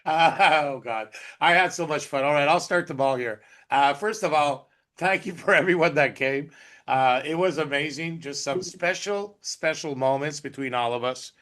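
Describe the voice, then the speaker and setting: A man's voice: a little high, moderate pace, a bit bright. A man hosting an online team recap call, effusive and exuberant, often laughing, speaking over a video call. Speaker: host.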